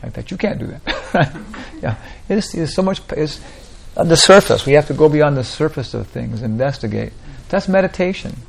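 A man's voice: on the high side, expressive, normal speed, creaky. A man teaching a small group in an informal spiritual talk, rambling and repeating "like that, you know" often.

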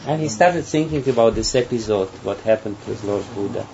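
Laughing, halting man giving a spiritual talk. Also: fairly low pitch, gravelly, dark tone. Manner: halting, repeats words, laughs often. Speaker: spiritual teacher. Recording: dull, faint background noise.

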